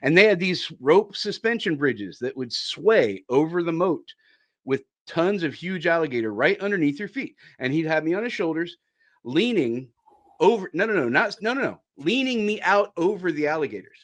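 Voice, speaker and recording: A man co-hosting a podcast and telling a childhood story in a relaxed, casual way. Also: a little high, moderate pace. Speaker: podcast co-host.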